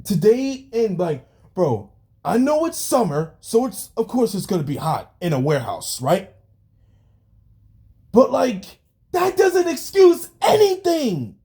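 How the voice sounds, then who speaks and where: A young man rants into the camera, yelling and cursing as he vents his frustration. His voice sits high for a man and lurches up and down in pitch with every outburst. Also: wildly swooping pitch, slow pace. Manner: yelling and swearing, venting frustration. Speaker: vlogger. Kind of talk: angry rant vlog.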